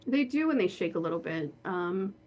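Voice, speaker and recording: A woman guest telling a personal story in a casual, animated way, laughing often and saying "like" a lot. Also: fairly low pitch, moderate pace, lo-fi sound. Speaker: guest, horror author and spirit board practitioner.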